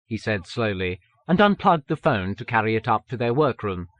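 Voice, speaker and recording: A man reading an audiobook in a measured, even manner. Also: lowish voice, no echo. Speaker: audiobook narrator. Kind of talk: scripted narration.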